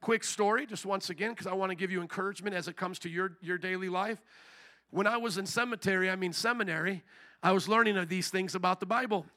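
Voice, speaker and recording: A man preaching a sermon as pastor, animated and acting out the voices he quotes. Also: high voice, fast.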